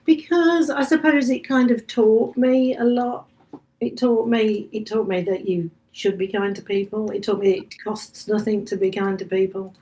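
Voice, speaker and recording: A woman's voice: medium pitch, fairly even intonation, normal speed, warm tone, rough recording. Chatty Midlands-accented woman telling a story. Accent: English Midlands. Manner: chatty storyteller, acts out quoted dialogue. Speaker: bookshop cafe owner and author. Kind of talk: casual interview chat.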